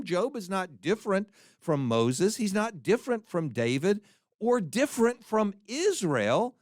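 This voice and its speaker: Male podcast teacher, high-pitched and lively, earnest scripture reading, close dry mic. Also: no echo. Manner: earnest and animated, quoting scripture with feeling, small restarts. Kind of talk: conversational Bible teaching.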